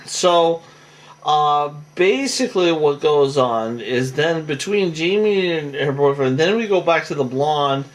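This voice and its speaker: A man's voice: fairly high pitch, expressive, unhurried. A tired man recapping a reality show in a rambling, casual monologue full of fillers and restarts.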